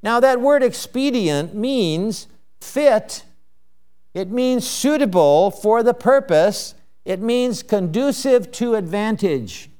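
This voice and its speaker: Man, preacher, expository sermon, smooth resonant voice, unhurried delivery. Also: high-pitched, darkish tone. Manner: deliberate, explanatory, rhetorical questions to listeners.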